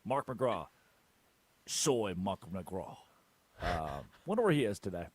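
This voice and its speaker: A man's voice: sits low, slow pace, slightly rough, no room sound. A young man hosting a sports talk show, joking and mimicking people as he goes. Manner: animated, joking, mimics people with put-on voices. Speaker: sports radio host.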